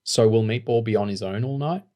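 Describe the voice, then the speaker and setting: Audiobook: man doing a reassuring Australian twelve-year-old boy in a lowish voice. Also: a little fast, warm tone, natural voice. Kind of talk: audiobook reading.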